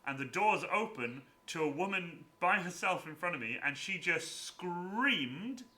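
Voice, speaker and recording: A man hosting a casual stream chat, telling lively anecdotes and acting out the voices in them. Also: sits high, a little slow. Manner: animated, acts out voices in anecdotes. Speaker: cosplayer and stream host.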